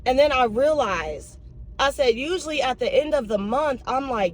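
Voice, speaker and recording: A woman's voice: sits high, normal speed. A young woman vlogging from her car, chatting casually and emotionally to her viewers. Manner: chatty, emotional and animated, addresses viewers as y'all. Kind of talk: casual chat. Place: in a car on a drive-thru run. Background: vehicle noise.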